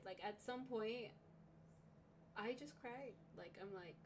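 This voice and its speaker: A woman's voice: a little high, slow pace, a little hiss or hum. A young woman hosting a livestream reaction, talking emotionally and swearing often, with sighs. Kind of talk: casual reaction commentary.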